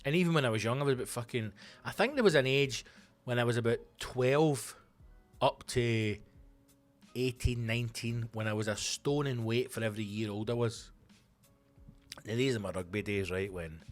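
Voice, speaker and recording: Sweary Scottish comedian telling stories. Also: male voice, lowish voice. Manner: swearing, animated storytelling with voiced asides. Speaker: comedian podcast host. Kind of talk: casual comic monologue.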